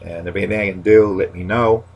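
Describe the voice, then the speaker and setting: Man in his 30s, low voice, gravelly, husky, rambling casual monologue, repeats his own catchphrases. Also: fairly even intonation, fast. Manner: rambling, with many restarts and catchphrases; goes quiet and subdued when talking about loss. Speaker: stand-up comic. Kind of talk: casual talking-to-camera monologue.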